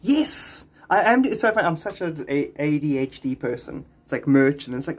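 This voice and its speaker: A man's voice: a little high, very animated, a little fast, few pauses. A man chatting on a live stream, reading viewers' comments and rambling into spiritual musings.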